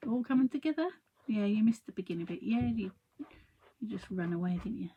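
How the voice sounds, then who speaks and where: A woman's voice: medium pitch, expressive, brisk, dull audio, background noise. A woman in her thirties chatting to viewers while she demonstrates a craft project live. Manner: chatty, friendly, talks to viewers and reads their comments.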